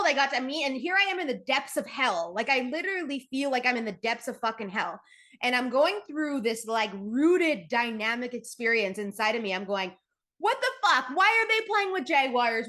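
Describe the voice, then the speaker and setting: A woman's voice: a little high, a bit bright. A woman hosting a solo podcast, telling a personal story candidly and emphatically, swearing freely and speaking straight to her listeners. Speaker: podcast host.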